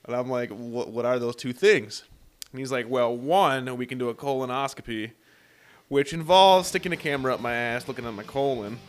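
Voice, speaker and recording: A man's voice: medium pitch, moderate pace. Profane young man telling a story. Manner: profane, animated storytelling with acted-out quotes. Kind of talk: casual storytelling chat.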